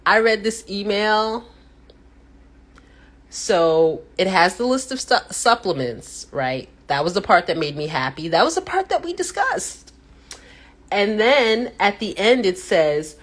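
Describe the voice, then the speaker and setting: A woman hosting a casual live chat, telling stories with animated reactions and acting out what people said with sudden pitch jumps. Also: slow. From United States. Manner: animated storyteller who acts out quotes with sudden pitch jumps. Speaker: host.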